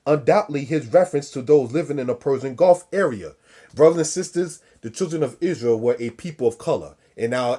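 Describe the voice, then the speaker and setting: A man's voice: mid-range voice, mellow. A man giving a scripture lesson, preaching style, repeating and stressing key words and calling his listeners brothers and sisters. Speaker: religious teacher.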